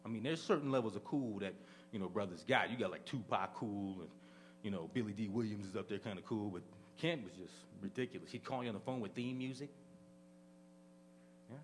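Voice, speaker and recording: A man's voice: lowish voice, brisk, slight background noise. A young man doing a live stand-up set, chatting loosely with the audience and throwing questions at them. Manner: loose, conversational crowd work, asks the audience questions. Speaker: stand-up comedian. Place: small live venue with audience.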